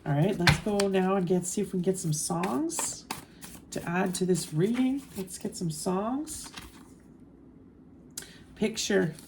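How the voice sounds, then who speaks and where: A woman giving a channeled tarot reading, talking in a slow, musing way with soft fillers. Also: medium pitch, creaky, background noise. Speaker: tarot reader.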